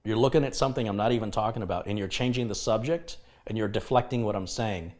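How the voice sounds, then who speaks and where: A man's voice: on the low side, fast, darkish tone. A man hosting a live computer repair stream, talking casually but with passion and emphasis, lecturing his viewers. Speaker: livestream host. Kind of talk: casual livestream talk.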